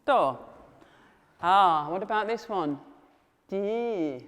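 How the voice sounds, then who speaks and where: A woman's voice: mid-range voice, animated, long reverb tail. Patient woman teaching Welsh sounds. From England. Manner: patient, repeats words slowly and invites learners to say them back. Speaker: Welsh tutor. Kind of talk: teaching Welsh pronunciation to learners.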